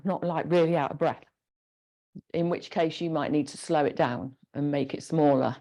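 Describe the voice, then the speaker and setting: A woman instructor leading a gentle guided exercise class, encouraging and giving step-by-step movement cues. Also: low voice, steady tone, moderate pace.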